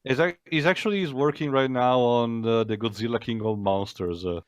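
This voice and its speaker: A man co-hosting a casual movie commentary, halting with lots of fillers and restarts. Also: mid-range voice, clean tone, no echo. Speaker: podcast co-host.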